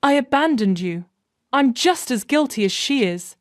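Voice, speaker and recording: A woman's voice: sits high, expressive, moderate pace, no room sound, clean studio sound, pitched above the performer's own voice. A woman narrator voicing a remorseful wealthy grown son in an audio story, reading his lines in a pleading, guilt-ridden manner.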